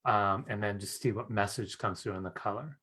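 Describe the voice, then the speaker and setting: A man's voice: fairly low pitch, a little fast, pushed and bright, breathy edge. A man teaching a live-streamed class on psychic skills, chatty and earnest, often asking "right?" and laughing. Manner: chatty, fills with "you guys" and "right?".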